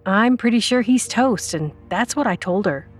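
A frightened but defiant young woman student, played by a female narrator, pushes her lines out in a high, urgent rush. Her voice sits well above a plain speaking register. Soft music hums faintly underneath. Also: lively intonation, moderate pace, close to an everyday voice.

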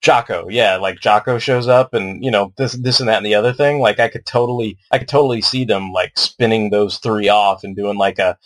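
A man's voice: lowish voice, steady tone, brisk, few pauses. A man co-hosting a podcast, rambling casually about a film and swearing freely. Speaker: podcast co-host.

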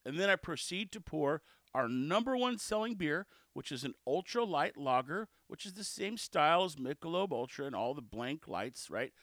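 Chatty man with lively pitch. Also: normal speed, no echo, clean studio sound. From South Texas. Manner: chatty, cheeky, animated storytelling. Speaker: podcast host. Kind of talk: casual solo podcast chat.

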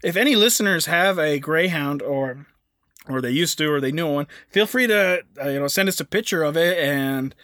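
A man co-hosting a podcast in casual chat, easygoing and halting with frequent restarts. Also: fairly high pitch, animated, fairly bright tone, no room sound, clean studio sound. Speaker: podcast co-host.

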